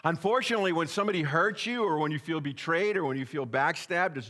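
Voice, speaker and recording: A man's voice: on the high side, quick pace, bright, forceful tone. A man, a pastor, preaching a sermon in a church in a folksy, joking way, speaking straight to the congregation. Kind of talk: sermon with jokes. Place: church sanctuary.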